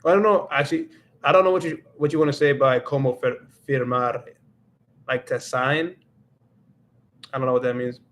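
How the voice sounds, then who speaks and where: Flat-voiced man chatting on a livestream. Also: medium pitch, moderate pace, long pauses. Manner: chatty, laughs, restarts while reading comments aloud. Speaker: livestream host. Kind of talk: casual chat reading viewer comments. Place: home livestream setup.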